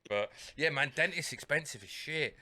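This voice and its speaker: A man's voice: a little high, bright, forceful tone. A British man co-hosting a podcast in casual chat, swearing and acting out phone calls in a raised voice. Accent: British English. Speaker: podcast co-host.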